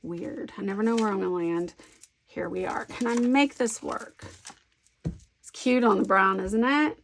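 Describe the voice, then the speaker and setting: A woman's voice: medium pitch, measured pace, a little hiss or hum. A woman hosting a scrapbooking video, chatting casually and thinking aloud as she works, rambling with lots of fillers. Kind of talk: casual chat while crafting.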